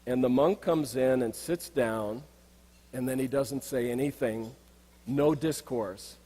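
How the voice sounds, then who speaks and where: A man's voice: medium pitch, slow, dark tone, slightly rough. A middle-aged man and executive coach giving a reflective, anecdotal banquet speech while pointing out slides. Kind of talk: storytelling speech. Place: banquet hall. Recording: long reverb of a banquet hall.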